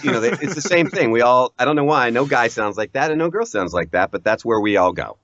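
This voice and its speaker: A man who works as a voice actor, chatting casually as an interview guest in an animated, self-deprecating way and laughing often. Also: medium pitch, quick pace, dry recording. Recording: dull lo-fi audio.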